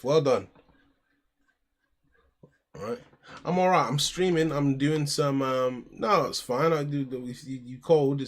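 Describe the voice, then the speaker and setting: An American man streaming from home, chatting casually and talking his card game moves through aloud, calling people "mate". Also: medium pitch. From United States. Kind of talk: casual live-stream chat and game commentary.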